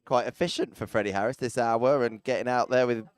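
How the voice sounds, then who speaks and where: A man's voice: mid-range voice, a little fast, smooth, no room sound. Chatty man announcing arena riders. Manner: chatty, teasing, jokey asides to people around the arena. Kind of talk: live event commentary.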